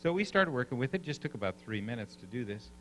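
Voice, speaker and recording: Animated man leading a live seminar. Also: medium pitch, fast, a little hiss or hum, low-quality recording. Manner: animated storyteller, coaxing the crowd with questions. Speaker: seminar speaker. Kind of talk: live seminar talk to an audience.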